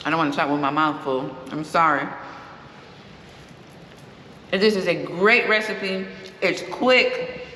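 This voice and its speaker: Taking it slowly with long pauses, a low-pitched woman chats with her cooking vlog viewers, relaxed and savoring the food as she goes. Slight background noise sits under an echoey, long-reverb room sound.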